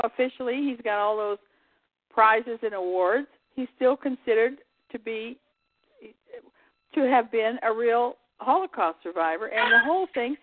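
Rambling woman on a tinny phone line. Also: a little high. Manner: rambling, halting, trails off. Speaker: call-in guest. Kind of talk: casual radio call-in chat.

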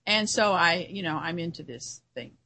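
A woman's voice: lowish voice, lively intonation, normal speed, pushed and bright, slightly rough, rough recording. A woman who hosts a radio show, giving an earnest solo commentary in a musing way, often restarting her sentences.

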